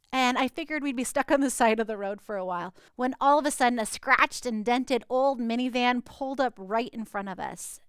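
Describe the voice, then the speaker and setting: A middle-aged woman preaching a sermon, with dramatic pauses and quiet, hushed stretches for emphasis. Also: on the high side, clear, resonant tone, dry recording. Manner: dramatic pauses, drops to a near whisper for emphasis. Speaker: pastor.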